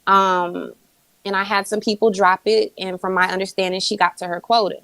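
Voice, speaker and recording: A woman's voice: medium pitch, level tone, normal speed, gravelly, a bit bright, dry recording, rough recording. A woman guest telling her account in casual chat, explaining steadily with frequent fillers. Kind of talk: casual storytelling.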